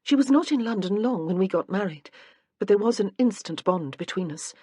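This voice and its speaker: A woman's voice: mid-range voice, lively intonation, a little fast, a little mellow, breathy edge, no room sound, studio quality, pitched above the performer's own voice. A woman voicing a playful, teasing young wife in an audiobook. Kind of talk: audiobook character reading.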